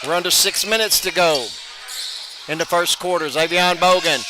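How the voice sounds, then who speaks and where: Play-by-play caller, male, pitched high, quick calls with bursts of excitement, gym noise in the background. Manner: rapid calls, bursts of excitement on made shots. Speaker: play-by-play announcer. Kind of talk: live basketball play-by-play. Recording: noisy gym ambience behind voice.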